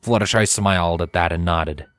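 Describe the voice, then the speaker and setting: A man's voice: sits low, normal speed, fairly bright tone, clean tone, dry recording, faint music behind. A man reading a story aloud as narrator, telling it expressively. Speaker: fanfiction reader. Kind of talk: scripted narration.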